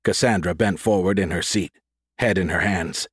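Low-voiced man narrating an audiobook. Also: slightly rough, no echo. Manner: measured, descriptive reading. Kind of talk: scripted narration. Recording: dry close audiobook recording.

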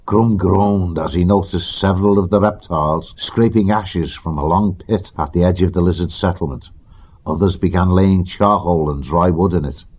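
Male audiobook narrator; deep, husky, steady pacing. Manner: measured, even storytelling.

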